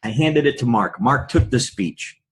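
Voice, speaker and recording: A middle-aged man, a podcast guest and public speaker, telling candid stories in a lively anecdotal way. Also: medium pitch, measured pace, husky. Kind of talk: storytelling in a podcast interview.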